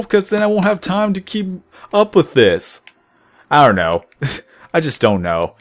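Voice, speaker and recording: A young man rambling through casual commentary over his gameplay video, deliberately lifting his voice above his natural low tone. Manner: rambling, chatty, self-reflective. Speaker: gaming channel host.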